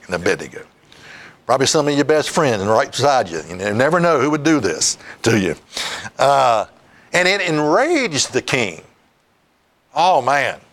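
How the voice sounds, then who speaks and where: A man's voice: medium pitch, fairly bright tone. A man preaching a sermon, reading scripture aloud and laughing often as he talks. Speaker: pastor.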